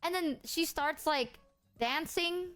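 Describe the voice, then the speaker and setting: A young woman streamer telling a personal story in casual chat. She is animated, swears freely and fills her speech with "like". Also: high-pitched, slow. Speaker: guest streamer.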